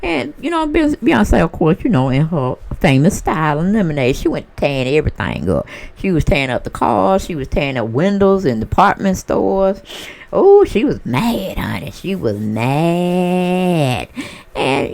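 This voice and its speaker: A woman riffs on celebrity rumors in a loose, sassy monologue. Her voice sits low with a gravelly edge, and her pitch leaps high and drops low as she plays out imagined quotes from the people she talks about. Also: unhurried. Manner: sassy, animated storyteller who acts out other people's voices. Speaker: celebrity gossip commentator. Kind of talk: casual gossip monologue.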